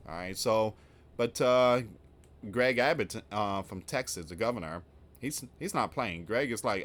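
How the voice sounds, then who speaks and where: Low-voiced man giving casual news commentary. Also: unhurried, a bit bright. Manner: rambling, informal, reads out news then comments.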